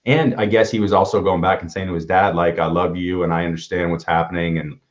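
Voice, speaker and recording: A man with a very low, deep voice tells earnest stories in casual conversation, often restarting and acting out what others said. The recording is dull and lo-fi. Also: little pitch movement, fast talker. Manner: earnest, restarts often, acts out quoted dialogue. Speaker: motivational speaker. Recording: dull lo-fi sound.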